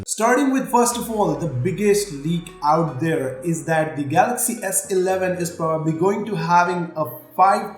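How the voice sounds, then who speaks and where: A man's voice: a little high, far from the mic. A man hosting a tech channel, running through phone rumors in a wordy way, with many fillers and asides to the audience. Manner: wordy, filler-heavy, keeps addressing the audience as guys. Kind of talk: tech rumor rundown with sponsor read. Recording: echoey room with faint music.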